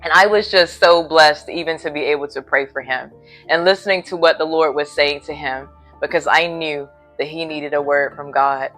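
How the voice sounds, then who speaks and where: A woman's voice: sits low, normal speed, fairly bright tone, faint music behind. A woman preacher telling a personal faith story in a casual vlog from a hotel room, earnest and a little sleepy. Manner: earnest, faith-filled retelling.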